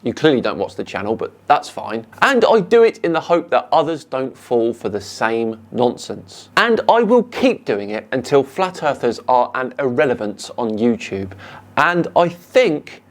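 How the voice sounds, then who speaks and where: A man with a British accent, calmly and sarcastically answering viewer comments as a channel host. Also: medium pitch, normal speed. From United Kingdom. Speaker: YouTube science debunker host.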